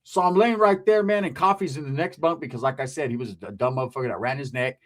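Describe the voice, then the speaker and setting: A man's voice: mid-range voice, fast. A man from California telling a story in a casual, profane way, acting out other people's voices. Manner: profane, animated, acts out quoted voices. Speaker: guest recounting his past.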